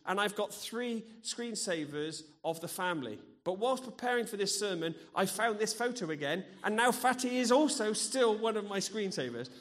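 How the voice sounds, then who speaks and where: A man's voice: high voice, a bit bright. A middle-aged man preaching in a church, earnest and personal, sharing stories from his own life. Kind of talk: sermon.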